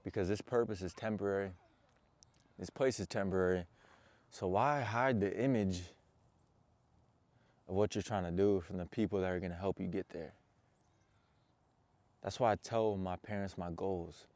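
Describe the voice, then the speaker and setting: A man's voice: deep voice, moderate pace, pauses often, a little mellow, no room sound. A young man, a motivational coach, talking earnestly and intensely straight to his viewers. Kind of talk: personal motivational talk to camera.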